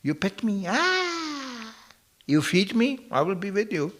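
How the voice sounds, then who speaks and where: A man's voice: high voice, big pitch swings, slow pace, fairly bright tone, pitched above the performer's own voice, heavily acted. A man putting on the voice of a fickle, opportunistic pet cat during a talk. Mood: demanding.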